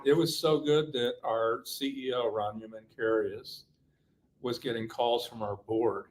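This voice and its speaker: A man's voice: medium pitch, fairly even intonation, unhurried, low-quality recording. A man who works as a crime reporter talks in an easy, conversational way. His voice sits in a middle range. He tells stories at length and repeats words as he gathers his thoughts. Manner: storytelling, repeats words while thinking. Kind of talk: casual studio chat.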